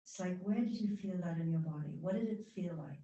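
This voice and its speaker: A woman giving a spiritual talk to a congregation, guiding them gently and chatting with the audience. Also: on the low side, a little fast, far from the mic, dull audio. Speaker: guest speaker. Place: church hall. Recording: roomy hall sound from off-mic.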